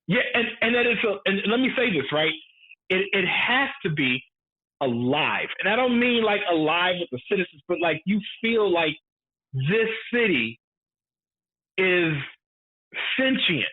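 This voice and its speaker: A man's voice: sits high, very animated, a little slow. A man co-hosting a casual movie review podcast, emphatic and swearing freely, repeating his points for effect. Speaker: podcast co-host. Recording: narrow phone-like sound.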